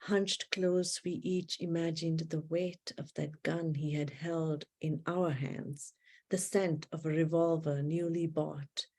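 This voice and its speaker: Woman poet, unhurried live poetry reading, warm low voice, measured pauses, video-call audio. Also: fairly even intonation. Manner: measured, deliberate phrasing with long pauses. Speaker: poet reading her work. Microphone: video call setup.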